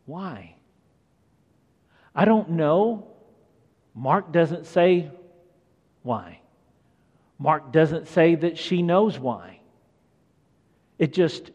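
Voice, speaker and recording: A man's voice: fairly high pitch, darkish tone. A man preaching a conversational sermon who asks his listeners questions. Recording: long echoing hall reverb.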